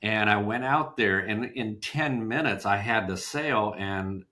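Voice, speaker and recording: A man's voice: fairly low pitch, unhurried. A middle-aged man from Georgia, telling folksy stories as a podcast guest and often restarting his phrases. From Georgia, USA. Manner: folksy, animated storyteller who acts out quotes and restarts phrases. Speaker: podcast guest, sales trainer. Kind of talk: casual storytelling interview.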